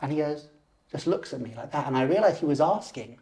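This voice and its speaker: A man in his forties, a lucid dreaming teacher and podcast guest, telling a personal story in an animated way. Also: on the high side, fairly quick. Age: 40s. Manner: animated, acts out voices and gestures while telling.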